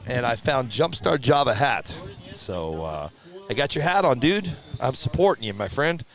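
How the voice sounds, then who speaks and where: A man hosting a live stream who calls the races in a chatty, easygoing way and shouts with excitement at a surprise win. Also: mid-range voice, moderate pace. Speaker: race announcer and livestream host. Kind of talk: casual live race commentary. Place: at a drag racing event.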